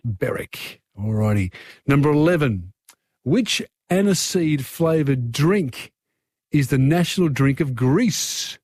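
A man's voice: mid-range voice, lively intonation, takes it slowly, darkish tone, no echo, studio quality. An Australian man hosting a radio phone-in quiz, chatty, reading out questions and giving callers hints.

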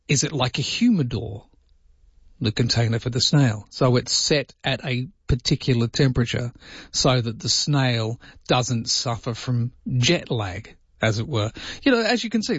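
A man hosting a radio show in casual chat, musing aloud with quick jumps up in pitch on his asides. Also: animated, husky, dry recording, dull audio. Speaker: radio host.

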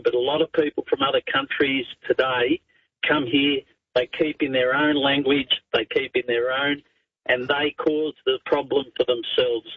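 A blunt, matey Australian man calling in to talkback radio, his voice mid-pitched and a touch husky. The line is dull and muffled, dry as a phone-in. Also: no room sound. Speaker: radio caller. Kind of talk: casual phone-in chat.

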